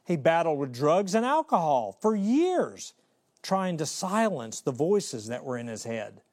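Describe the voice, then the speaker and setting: A man preaching a sermon in an animated way, acting out voices and quoting scripture. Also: on the high side, measured pace. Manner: animated, acts out voices and quotes.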